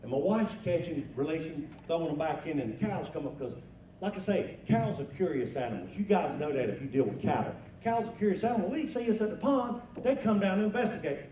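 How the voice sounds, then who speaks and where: Older guy doing stand-up at a lunch, lively voice, roomy hall, kinda far off mic, faint hiss. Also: a little high, a little fast. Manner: folksy, rowdy, shouts during the punchlines. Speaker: comedian, lunch speaker. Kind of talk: storytelling stand-up. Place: banquet hall at a lunch event. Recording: roomy hall, miked from a distance, faint noise.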